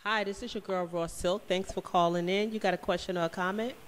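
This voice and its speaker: A woman hosting a call-in talk radio show, emphatic and quick to laugh, often repeating her phrases. Her voice sits in an average register. A long reverb trails behind it. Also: mid-range voice, steady tone, a loud crowd.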